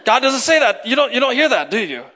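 Brief: male pastor, bright and high-voiced, who jokes with the congregation during the sermon. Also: sing-song, fast talker. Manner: joking, talks straight to the congregation. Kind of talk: humorous conversational sermon.

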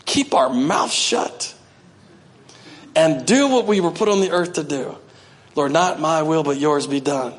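A man preaching a sermon as pastor, animated, often acting out voices and swinging from loud to hushed. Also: fairly high pitch, moderate pace. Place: church.

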